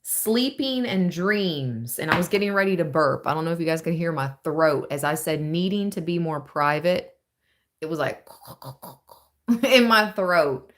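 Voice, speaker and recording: Woman doing a chill tarot live stream, talks real slow, chatty, thinks out loud. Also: sits low, expressive. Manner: chatty, thinking aloud, drawn-out phrases. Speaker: tarot reader.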